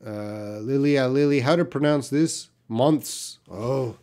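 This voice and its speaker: A man's voice: medium pitch, unhurried, darkish tone. A Canadian man, an English teacher, answering viewers' questions patiently in a live-stream lesson.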